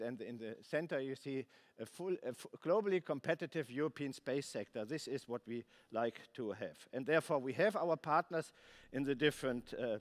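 Man, conference keynote, somewhat high voice, halting delivery, frequent restarts, dry asides. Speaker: space agency head giving a keynote. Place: conference plenary hall.

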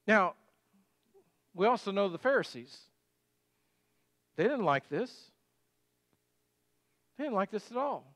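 High-pitched middle-aged pastor, dry close sound, talks sermon like a chat, keeps asking the crowd stuff. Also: male voice, sing-song, slow, long pauses, fairly bright tone, no room sound. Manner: conversational preaching with rhetorical questions.

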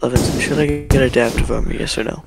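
A man's voice: mid-range voice, steady tone, quick pace, gravelly, faint music behind. A young man streaming a video game, grumbling and swearing at the game as he plays. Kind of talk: casual gaming stream talk.

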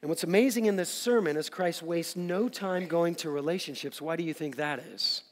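A middle-aged male pastor preaching a sermon in a church, energetic and joking with the congregation. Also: fairly high pitch, moderate pace. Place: large church auditorium. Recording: long hall reverb.

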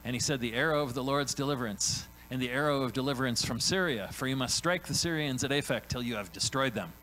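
A man's voice: medium pitch, sharp tone, rough recording. A man preaching a sermon in a conversational way, often checking in with "right?" and briefly acting out the people in the story. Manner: conversational preaching, frequent "right?" tag questions; acts out biblical characters in quick voiced asides. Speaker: pastor.

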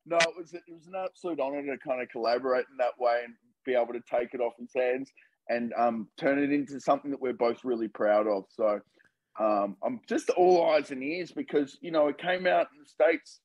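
A man, a filmmaker guest, chatting casually and telling animated stories in an interview. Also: medium pitch, a little fast, dull audio.

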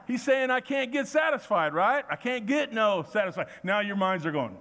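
Male pastor preaching in church; animated, plays out quotes, voice a bit high. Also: moderate pace, a little hiss or hum. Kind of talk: sermon.

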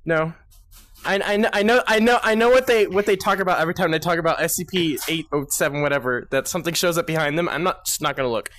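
A young man chatting while playing a VR game, excitable and nervous, laughing often and swearing a lot. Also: a little high, fast. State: nervous and scared. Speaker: streamer playing a VR social game. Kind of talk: casual chat while gaming.

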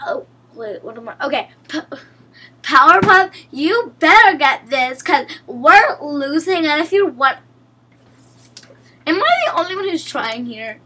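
A woman's voice: high-pitched, sing-song, a little slow, bright, forceful tone. A young woman commentating her own gameplay, pleading with and scolding her teammates in exasperation. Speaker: gaming video creator.

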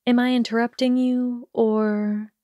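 A woman voicing an earnest, anxious young witch who speaks softly and hesitantly in an audiobook reading. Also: fairly high pitch, little pitch movement, measured pace, dry recording, muffled recording, pitched above the performer's own voice, lightly acted. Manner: soft, hesitant, careful.

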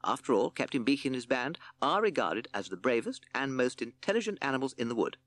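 A man's voice: medium pitch, sing-song, fast, fairly bright tone, no room sound, voice pushed up. A man voicing a prim, know-it-all male owl in a children's storybook reading, fussy and proper. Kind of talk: storybook character voice.

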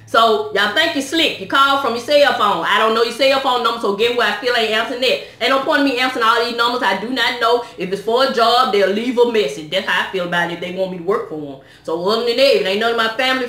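A woman vlogging in a casual, exasperated rant, talking in a lively, colloquial way. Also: a little high, fast talker, echoey room. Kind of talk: casual ranting vlog.

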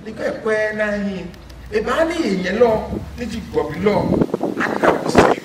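A man giving animated, sing-song storytelling asides, often laughing. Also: sits high, normal speed. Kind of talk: animated folktale commentary. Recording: roomy, distant, background noise.

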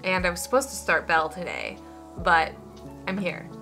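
A woman's voice: lowish voice, big pitch swings, normal speed, pushed and bright, soft background music. Chatty young woman vlogging from home. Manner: chatty and rambling, full of fillers and little laughs. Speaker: sewing and cosplay vlogger. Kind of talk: casual vlog.

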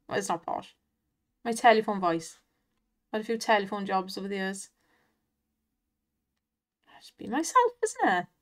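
A woman's voice: medium pitch, big pitch swings, unhurried, pauses often, a bit bright. A Welsh woman hosting an online slots video, chatting casually and laughing often as she cheers on the spins. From Wales. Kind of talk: casual chat and commentary over gameplay.

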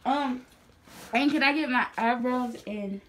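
A woman's voice: high-pitched, measured pace, fairly bright tone. Nervous giggly woman on a noisy phone clip. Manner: nervous, giggly, keeps saying she is scared. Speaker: vlogger. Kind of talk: casual vlog chat.

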